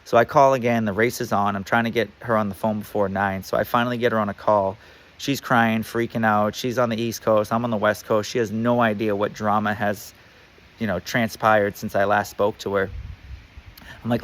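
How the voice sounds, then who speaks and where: A man's voice: fairly low pitch, level tone, moderate pace, a bit bright. A man telling a personal story in a casual, rambling way, full of fillers and swearing.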